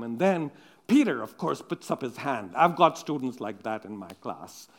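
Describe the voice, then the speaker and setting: A man preaching a sermon in a halting, conversational way, with many restarts, asking his listeners direct questions. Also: mid-range voice, sing-song.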